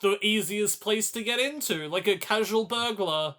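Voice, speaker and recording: A man's voice: high-pitched, normal speed, over a noisy crowd. A man co-hosting a podcast in casual chat, sarcastic, laughing often and swearing freely. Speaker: podcast co-host.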